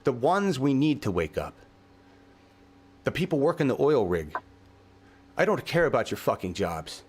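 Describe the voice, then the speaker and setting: A man hosting his own channel, delivering an impassioned, profane rant outdoors in his yard, swinging between grief and shouting. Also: medium pitch, very animated, normal speed, a little hiss or hum. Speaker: channel host.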